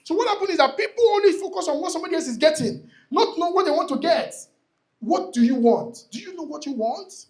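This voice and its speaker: A man giving a motivational talk to a live audience at a real estate event. He is emphatic and repetitive and often calls out to the crowd. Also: very high voice. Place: event hall before an audience.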